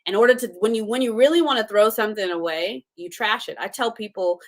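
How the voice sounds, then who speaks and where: A woman talks straight to her listeners in a motivational faith talk. Her voice sits at a medium pitch. She comes across earnest and preachy, firing off rhetorical questions like a sermon. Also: fast talker. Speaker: host.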